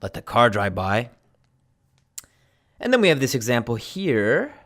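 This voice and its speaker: A man with an American accent, teaching English pronunciation slowly and repeating each example. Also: mid-range voice, big pitch swings, a bit bright. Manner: slow, deliberate, repeats examples. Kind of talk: pronunciation lesson.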